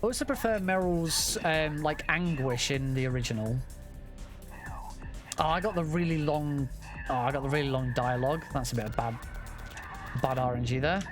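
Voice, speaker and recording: A man's voice: fairly high pitch, moderate pace, long pauses, over music. A man giving casual, chatty commentary while playing a game, often correcting himself and swearing offhand. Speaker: speedrunner.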